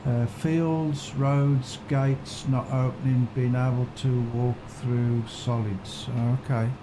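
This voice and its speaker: Male streamer, chatty and thinking aloud, mid pitch, steady hum of noise behind. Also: slow. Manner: musing, unsure, chats with viewers. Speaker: game streamer. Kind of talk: casual live-stream commentary. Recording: constant background noise.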